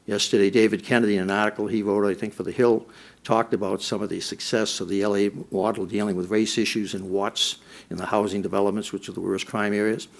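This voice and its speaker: A man's voice: fairly low pitch, little pitch movement, fast, gravelly. A middle-aged man, a former police chief, giving a prepared speech at a policy forum and repeating his points for emphasis.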